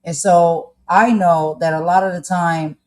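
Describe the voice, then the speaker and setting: A woman's voice: on the low side, steady tone, unhurried. Emphatic woman podcast co-host, Jersey accent with a North Carolina touch, talks with fire and rhetorical "okay?"s. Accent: New Jersey with a touch of North Carolina. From New Jersey. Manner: emphatic, fired-up, uses "y'all" and "okay?". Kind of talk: candid casual commentary.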